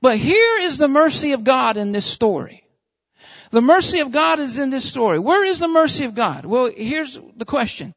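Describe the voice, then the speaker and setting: A man's voice: very high-pitched, fairly bright tone, no room sound. Guy preaching a sermon, keeps repeating himself and asking questions, muffled lo-fi sound. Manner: repetitive preaching with rhetorical questions. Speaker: pastor. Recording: dull lo-fi dry recording.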